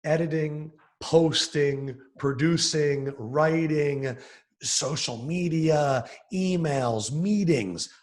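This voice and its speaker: A young sports TV host from the Philadelphia area tells stories during a casual podcast interview, breaking into animated, excited bursts. His voice sits a little high, and he draws out his words.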